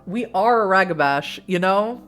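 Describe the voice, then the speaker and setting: A woman's voice: mid-range voice, expressive, moderate pace, fairly bright tone, faint music behind. A woman from Massachusetts hosting a let's play, reading a text game aloud with chatty asides and frequent laughs.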